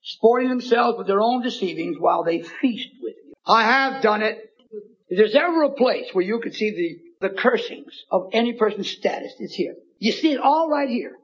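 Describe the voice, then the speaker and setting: A man preaching a fiery sermon in a church, reading scripture and repeating his refrains, rising to shouts. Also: sits high, animated, normal speed, highs cut off.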